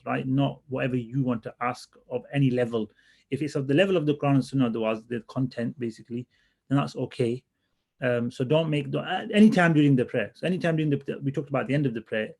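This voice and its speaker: A man teaching a religious class in a relaxed, conversational way, often restarting his sentences as he thinks aloud. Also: mid-range voice, creaky. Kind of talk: casual classroom lesson.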